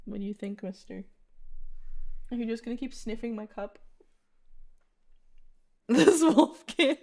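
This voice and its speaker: Giggly woman streamer, lively high voice, unhurried delivery, playful roleplay chat. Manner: giggly, laughs often, reads chat submissions aloud. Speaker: VTuber streamer.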